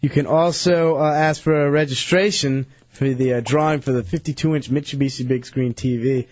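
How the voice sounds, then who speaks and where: A man's voice: mid-range voice, steady tone, darkish tone, dry recording. A man hosting a radio show, reading promos and phone numbers with many fillers. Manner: hurried, filler-heavy hosting. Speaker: radio host. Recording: dry, dull radio broadcast.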